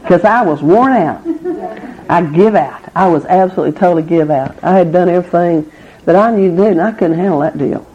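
A woman's voice: brisk, crowd noise. A middle-aged woman, speaking at a recovery meeting, candid and wry as she tells her own story. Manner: candid, wry, with laughs through hard memories. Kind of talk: personal testimony talk. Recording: muffled low-fidelity recording.

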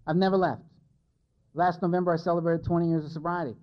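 A man's voice: fairly high pitch, little pitch movement, fast. A man giving a candid, self-mocking personal testimony as a speaker at a recovery meeting. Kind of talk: personal testimony to a live audience. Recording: lo-fi, dull recording.

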